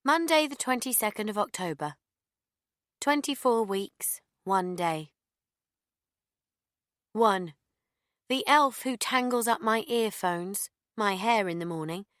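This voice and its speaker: A woman reading a first-person audiobook in a deadpan, sardonic manner. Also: mid-range voice, no echo, studio quality. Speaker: audiobook narrator.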